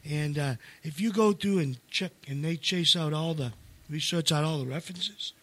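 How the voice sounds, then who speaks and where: A man's voice: fairly high pitch, moderate pace, fairly bright tone. A man leading seminars who talks in a rambling way, full of restarts and fillers, and pushes hard on his main points. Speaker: seminar leader and co-author. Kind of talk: casual promotional chat.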